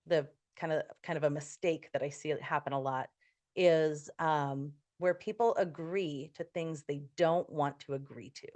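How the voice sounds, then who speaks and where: A woman's voice: low-pitched, a little mellow. A woman hosting a podcast and working as a coach, talking things through reflectively in casual conversation and reaching for everyday analogies.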